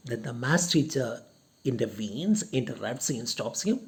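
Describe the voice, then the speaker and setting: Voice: mid-range voice, expressive, darkish tone. A lecturer explaining a play to students, going over each point again and again with strings of synonyms. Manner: slow, repeats points with lists of synonyms.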